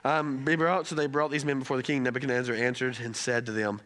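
A pastor at a church in Rome, Georgia preaches a sermon in a loose, joking, conversational way, often checking in with his listeners by asking "right?". His voice is mid-range and fairly bright, with a level tone, and he talks quickly with hardly any pauses.

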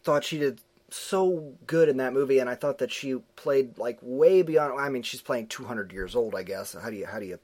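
A man's voice: medium pitch, normal speed, few pauses, a little mellow. A man hosting a movie podcast who talks casually, ranting and joking in a strongly opinionated way. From United States. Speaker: podcast host. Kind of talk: casual movie review chat.

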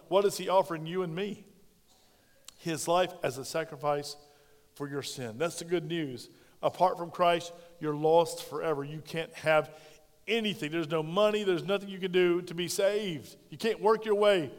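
A man preaching a sermon as pastor, animated and conversational. He questions his congregation directly and swings between loud emphasis and hushed, intimate tones. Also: on the high side, normal speed. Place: church sanctuary. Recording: long hall reverb.

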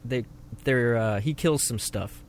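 A man's voice: mid-range voice, a little slow, slight background noise. A man hosting a casual podcast chat, rambling and restarting his sentences and laughing often. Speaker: podcast host. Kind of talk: casual chat about an anime.

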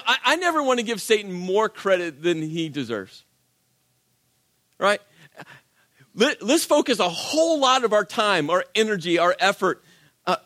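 A man's voice: high-pitched, pushed and bright, no echo, studio quality. A male pastor preaching a sermon in a conversational, emphatic way, asking rhetorical questions.

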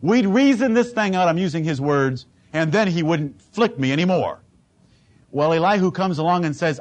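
A man's voice: sits high, lively intonation, normal speed. A man preaching a sermon as pastor, emphatic and dramatic, acting out the lines he quotes.

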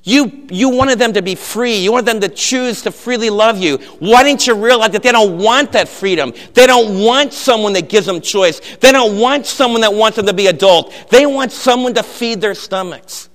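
A man's voice: a little high, moderate pace, close to an everyday voice. A man preaching, voicing an old domineering male cardinal who fires accusing questions at a prisoner. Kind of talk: sermon with acted story. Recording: long hall reverb.

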